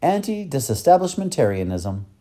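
A man's voice: medium pitch, sing-song, moderate pace, mellow, voice pushed up, natural voice. A man voicing a cheerful, eager young boy in a storybook reading.

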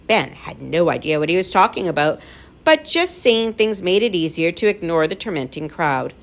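Expressive woman reading a storybook. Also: lowish voice, normal speed. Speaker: narrator. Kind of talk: storybook narration.

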